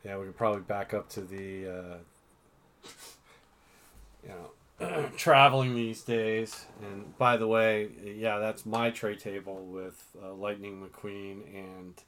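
A man's voice: on the low side, fairly even intonation, slow pace, fairly bright tone. A middle-aged man hosting a casual chat with his daughter, self-mocking and full of fillers. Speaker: podcast host.

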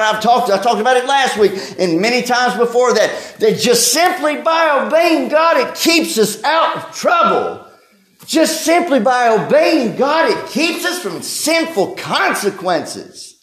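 A man's voice: high-pitched, reverberant. A man preaching a sermon as pastor, acting out pleading cries with passion.

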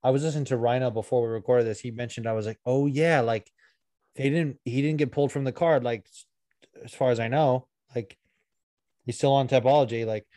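Casual young man, mellow dry voice. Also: mid-range voice, no echo. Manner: loose, profane, lots of filler likes. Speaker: podcast co-host. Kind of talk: casual fight-talk podcast chat.

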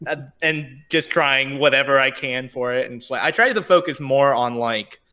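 A man in casual chat about running tabletop games, animated and laughing often. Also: medium pitch, normal speed. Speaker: game master.

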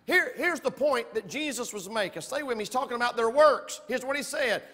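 Man, pastor, high-pitched, emphatic storytelling sermon, church hall reverb. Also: a little fast. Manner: animated storytelling, folksy, emphatic.

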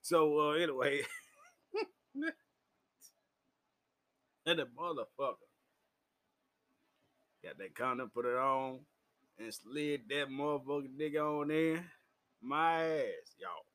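A tipsy man telling a crude personal story in casual, profane vlog style, laughing often and shouting when he gets heated. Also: slow pace, pauses often. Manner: loud, crude and laughing, swings into high shouting. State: drunk. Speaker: vlogger.

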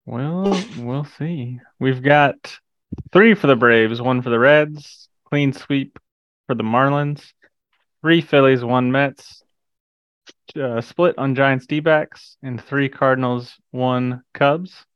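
A man's voice: mid-range voice, slow, smooth, no echo. A man hosting a casual chat podcast, easygoing and hesitant with plenty of filler words. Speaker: podcast host. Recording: dull, dry lo-fi recording.

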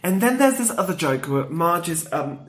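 In a casual chat, a podcast co-host retells scenes with animated energy, acting out quoted lines by shifting her pitch. She speaks at a normal speed.

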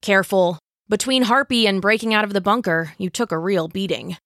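A woman voicing a kind, gentle teenage boy friend in an audiobook, speaking with concern. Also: mid-range voice, fairly quick, no room sound, clean studio sound, lightly acted.

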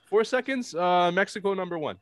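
Young male co-host, animated and boastful, high-ish voice, dry close mic. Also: fairly quick, dry recording. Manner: animated, boastful, swears freely. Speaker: podcast co-host. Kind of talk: casual comedic debate.

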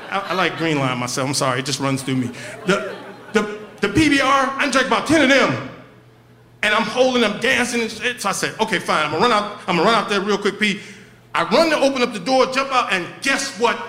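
A man telling a profane, comic story on stage at a live show, in an animated way. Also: high-pitched, slight background noise. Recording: echoey live venue.

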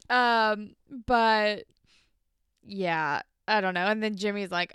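A woman's voice: mid-range voice, steady tone, takes it slowly, gravelly, fairly bright tone, clean tone, no echo, clean studio sound. A young woman co-hosting a podcast, chatting casually and acting out characters' lines. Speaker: podcast co-host. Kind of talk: casual recap chat. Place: New York.

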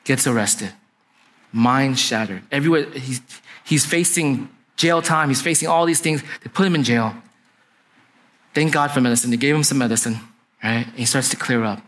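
Speaking at a moderate pace with a medium pitch and a somewhat bright quality, a young pastor preaches in a chatty, story-driven way. He often asks the congregation "right?"

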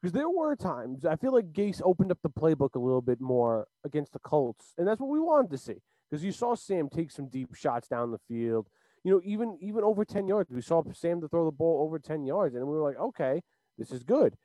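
A man's voice: on the high side, very animated, brisk, dark tone, dry recording, poor audio. A man co-hosting a sports podcast, giving blunt, emphatic opinions in casual talk.

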